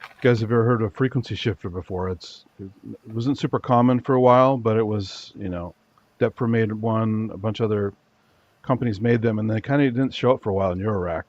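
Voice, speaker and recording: Low-voiced man chatting on a dull call. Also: fairly quick, darkish tone, no room sound. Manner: hesitant, apologetic, lots of fillers. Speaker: co-host. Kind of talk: casual chat. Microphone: video call.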